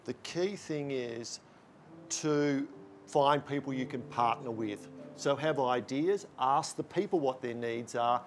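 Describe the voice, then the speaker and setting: A man's voice: mid-range voice, slow pace, faint music behind. A man interviewed as a guest, speaking in an earnest, explanatory way. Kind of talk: casual interview talk.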